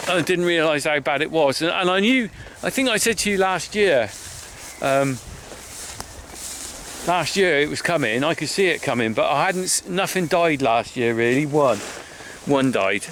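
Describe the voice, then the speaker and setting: A man's voice: on the high side, background noise. A middle-aged man, a farmer vlogging outdoors by his hedgerows, talking in a chatty, heartfelt, rambling way with sighs. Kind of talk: casual walk-and-talk vlog.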